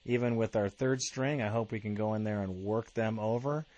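A man's voice: lowish voice, normal speed, a little mellow, dry recording, lo-fi sound. A man hosting a fan podcast, talking in a casual, emphatic monologue full of enthusiasm. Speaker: podcast host.

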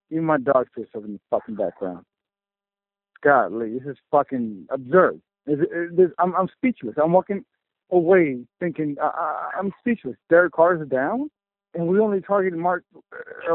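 A man's voice: fairly high pitch, no room sound. A man calling in to a fan show to vent his fury, swearing constantly as he rants. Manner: furious, profane, fast venting. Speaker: caller. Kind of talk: angry call-in rant. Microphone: phone. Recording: tinny phone line.

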